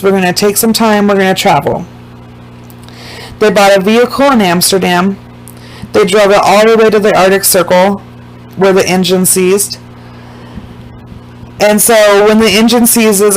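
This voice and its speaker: A woman casually recapping a documentary to her viewers, emphatic and blunt, swearing freely and slowing down to stress the points that upset her. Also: mid-range voice, low-quality recording.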